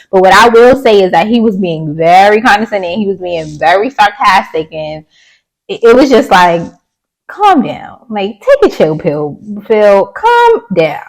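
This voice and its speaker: A woman's voice: fairly high pitch, expressive, moderate pace, poor audio. Blunt, chatty woman reviewing reality TV. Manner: chatty and blunt, with sassy asides; slips into mocking voices to quote people. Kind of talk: casual opinionated recap.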